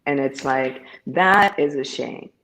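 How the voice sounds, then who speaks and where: Middle-aged woman moderating, low voice, slow and thoughtful. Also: a bit bright, poor audio. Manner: thoughtful, hesitant. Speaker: co-host and moderator. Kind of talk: casual panel chat.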